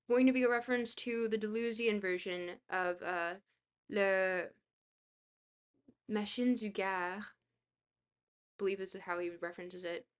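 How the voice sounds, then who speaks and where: A woman with a fairly high voice reads a dense book aloud on a live stream. She keeps breaking off to chat, hesitating with fillers and laughing at herself. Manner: laughs easily, self-deprecating.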